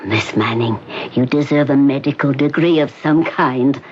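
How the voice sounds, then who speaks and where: A man playing a formal, measured hospital doctor. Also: mid-range voice, close to an everyday voice. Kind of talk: 1970s radio drama acting. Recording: dull old radio recording, faint hiss.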